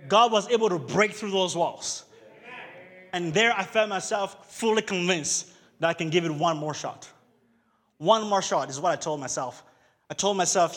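Male preacher, high bright voice, fiery sermon, long church hall echo. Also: normal speed. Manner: impassioned, moves between hushed storytelling and loud exhortation. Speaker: preacher at a youth service.

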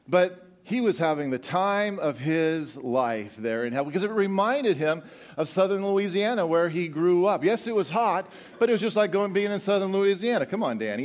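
A middle-aged man preaching a sermon, animated and joking with the congregation, often repeating words as he goes. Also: high voice. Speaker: pastor.

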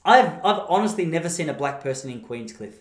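A man's voice: on the high side, big pitch swings, a little fast. An Australian man giving a blunt, rambling, opinionated monologue and often correcting himself. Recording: roomy echo.

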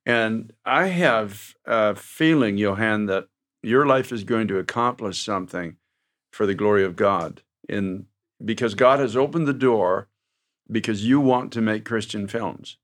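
A man's voice: on the low side, measured pace. A man hosting a faith talk show, encouraging his guest in a preacher's cadence. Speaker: host.

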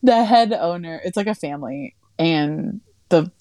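A woman co-hosts a podcast in an unhurried voice, captured as a dry, studio-quality recording. She chats casually and tells stories, acting out what people said with big, animated leaps in her pitch.

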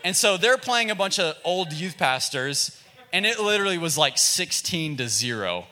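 A man's voice: a little high, very animated, moderate pace, bright, forceful tone. A man who is a youth pastor, telling a casual, self-mocking story in a sermon, chatty and full of fillers.

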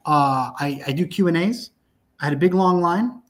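A man's voice: fairly high pitch, normal speed, a little hiss or hum. A man, a filmmaker guest on a talk show, telling stories in a profane, emphatic way with lots of restarts. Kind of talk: animated casual podcast conversation.

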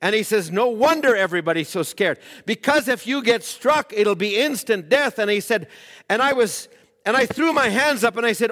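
A man preaching with a high-pitched voice, recounting a story at length and rising into fervent, emphatic cries. His voice rings out with the long reverb of a large hall. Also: expressive, normal speed, a bit bright. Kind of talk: sermon.

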